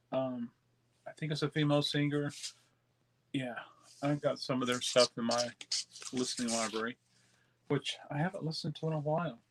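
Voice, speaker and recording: A man hosting a record-selling live stream, chatting casually and answering viewer comments, relaxed and rambling with many fillers. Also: a little high, a little hiss or hum.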